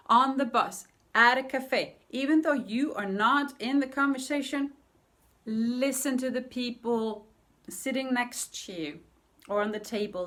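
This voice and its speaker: A woman's voice: high voice, a bit bright. A woman language coach giving friendly casual tips in a vlog lesson, repeating words and laughing lightly.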